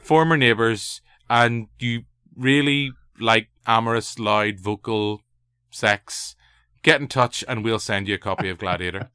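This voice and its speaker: A man's voice: lowish voice, measured pace, pushed and bright, clean tone, dry recording, clean studio sound. A man with a Northern Irish accent hosting a podcast, chatting casually in a rambling, jokey way. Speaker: podcast host. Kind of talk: casual chat.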